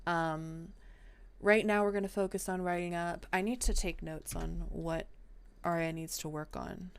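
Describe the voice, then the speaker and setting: A young adult woman streaming, chatting casually and playfully to her viewers with sudden excited outbursts. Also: fairly low pitch, a little slow, smooth.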